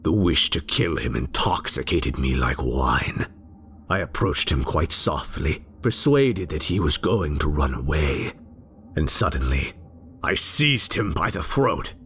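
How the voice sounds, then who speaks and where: A male narrator giving a theatrical first-person story reading, lingering on words and dropping into hushed whispers. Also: a bass voice, animated, a little slow, a little hiss or hum.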